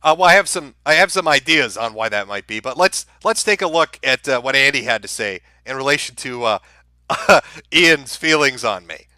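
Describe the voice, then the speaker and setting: A man's voice: mid-range voice, expressive, normal speed, pushed and bright, dry recording. A man hosting a live-stream commentary, ranting in a heated, profane and sarcastic way. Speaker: streamer host.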